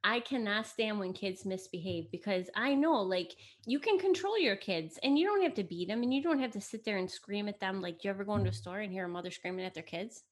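A middle-aged woman, born in the United States, whose first language was Italian, talks in a casual, animated way. She tells stories and slips into the voices of the people she quotes. Her chat sounds loose and unscripted. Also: mid-range voice, brisk, few pauses. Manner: lively storyteller, acts out quotes. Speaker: guest, host's mother. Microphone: camera mic in home setting.

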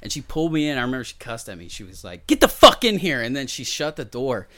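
A man's voice: mid-range voice, quick pace, dry recording. Guy on a podcast, swearing a lot, dry close mic, does the voices in his stories. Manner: profane, animated, acts out quoted voices. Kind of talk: casual chat, crude storytelling.

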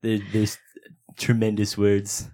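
A man's voice: on the low side, completely flat delivery, slow, warm tone. A man co-hosting a podcast in casual banter, sarcastic and mocking, with frequent swearing. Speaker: podcast co-host.

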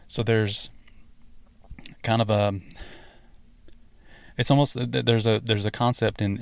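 A man's voice: fairly low pitch, dry recording. A man hosting a spiritual podcast, talking casually with many fillers and restarts. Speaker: podcast host.

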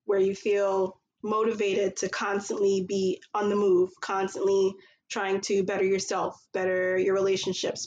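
A woman's voice: mid-range voice, darkish tone. Woman host, casual podcast, earnest and rambling, slightly dull recording with faint hiss. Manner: earnest, rambling with many fillers.

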